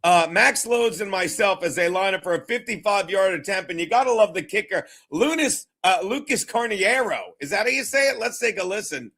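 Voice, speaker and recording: A man's voice: sits high, lively intonation, a little fast, few pauses, bright, forceful tone. A man hosting a casual sports talk show, rambling and jokey with lots of swearing.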